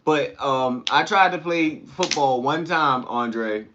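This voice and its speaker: A man hosting a casual livestream, chatting with viewers and telling stories in a slangy, animated way. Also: a little high, slow, muffled recording, background noise. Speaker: livestream host. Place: home kitchen.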